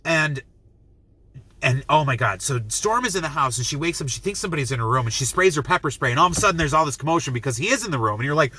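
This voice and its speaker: A young man reviewing a film, retelling the plot in an excited, rambling way full of "like" and acting out lines. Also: a little high, quick pace. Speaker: movie reviewer. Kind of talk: enthusiastic movie review.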